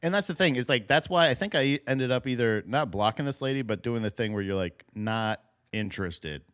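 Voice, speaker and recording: A young man co-hosting a casual comedy podcast, swearing and mocking in animated, rambling chat. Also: medium pitch, fairly quick, smooth, no echo, clean studio sound. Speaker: podcast co-host.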